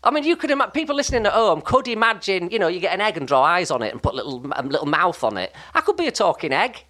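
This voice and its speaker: A man with a high, light voice, chatting as a guest and wandering off into comic, self-mocking tangents with many restarts. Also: sing-song, quick pace, pushed and bright. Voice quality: high, light voice that never broke. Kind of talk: casual chat.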